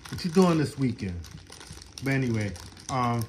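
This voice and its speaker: A man's voice: mid-range voice, animated, moderate pace, slight background noise. A man hosting a podcast in a casual, joking, slangy chat with his co-host. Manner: laid-back, joking, slangy.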